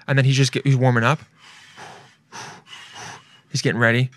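A man's voice: medium pitch, level tone, a little fast, a bit bright, no echo. A man hosting a podcast in a casual, rambling way, swearing freely and joking as he reacts to clips. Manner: rambling, profane, jokey. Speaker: podcast host.

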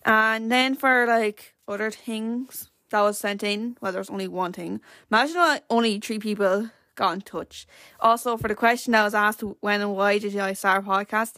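A teenage Irish girl hosts her own podcast, rambling through a casual solo chat with lots of fillers. Her medium-pitched voice is bright and forceful, with fairly even intonation and a moderate pace, in a dry recording.

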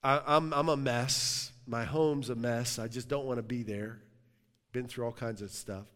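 A middle-aged man preaching a sermon as pastor, telling a story in a lively, joking way. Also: mid-range voice, a little slow. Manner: animated storytelling, jokes and laughs with the congregation. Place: church sanctuary. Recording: long hall reverb.

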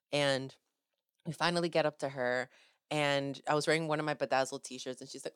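Young female podcast host, low-pitched, close and dry, chatty and effusive. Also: brisk, smooth, no echo. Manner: gushing, animated storytelling with acted-out quotes. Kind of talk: casual chat.

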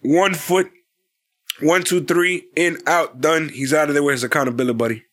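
A man co-hosting a casual podcast, recapping wrestling in an animated, laughing way and acting out quotes. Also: fairly high pitch, normal speed. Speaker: podcast co-host.

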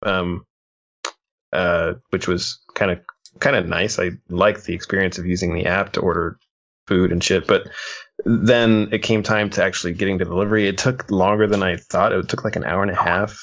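A man's voice: low-pitched, steady tone, moderate pace, fairly bright tone. A man co-hosting a podcast who tells a loose, meandering story and swears casually. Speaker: podcast co-host. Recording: dull lo-fi podcast audio.

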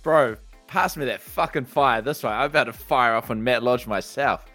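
A man's voice: medium pitch, normal speed, bright, forceful tone, soft background music. A man co-hosting a casual sports podcast, heated and swearing as he argues. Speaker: podcast co-host.

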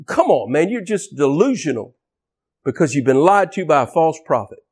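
A man preaching a fiery deliverance sermon, forceful and scolding, his voice swinging from loud to low. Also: very animated, normal speed, slightly rough.

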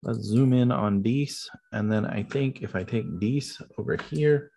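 A man's voice: medium pitch, a little slow, creaky, warm tone, husky. A man running a tabletop game as game master, explaining rules patiently with lots of fillers.

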